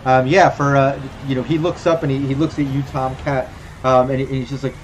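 A man's voice: medium pitch, flat delivery, fairly quick, a little hiss or hum. A man acting as game master, narrating and ruling on a tabletop game in a loose, rambling way. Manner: loose, rambling, lots of fillers.

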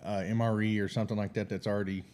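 A man's voice: lowish voice, flat delivery, very fast, a little mellow. A man co-hosting a casual podcast chat, giving practical, matter-of-fact answers.

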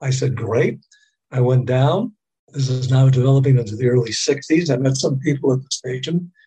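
A man's voice: medium pitch, animated, moderate pace, dark tone, husky, rough recording. An older man from the Boston area, a radio veteran telling long rambling stories as a podcast guest. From Boston area, USA. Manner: rambling anecdotal storytelling with laughs. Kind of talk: casual storytelling.

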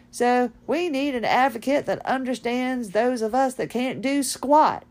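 A woman talks quickly and casually on her own podcast, folksy and animated. Her voice sits at an ordinary middle pitch, and her delivery stays chatty and spirited. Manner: fast-talking, folksy, animated. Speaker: podcast host. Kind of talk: casual monologue.

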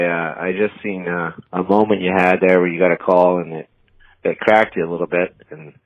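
A man from Canada leaving a voicemail for a podcast, speaking in a halting, earnest way over a tinny phone line. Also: sits low, no echo. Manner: halting and earnest, with pauses and fillers. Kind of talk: heartfelt voicemail message.

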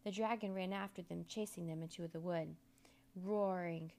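A woman narrating a children's storybook aloud in an expressive, measured way. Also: lowish voice, creaky.

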